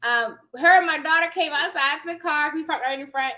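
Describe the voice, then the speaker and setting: A woman's voice: sits high, a little fast, pushed and bright. A woman in her thirties chatting casually to her viewers, telling stories and calling them y'all. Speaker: notary signing agent vlogger.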